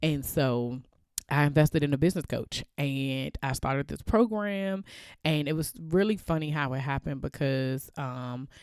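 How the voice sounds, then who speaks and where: A woman in her thirties hosting a casual faith podcast, with a deep, bassy voice that sounds congested from allergies. She is chatty and laughs often. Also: lively intonation, unhurried, darkish tone, clean tone, no room sound, clean studio sound. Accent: American. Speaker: podcast host.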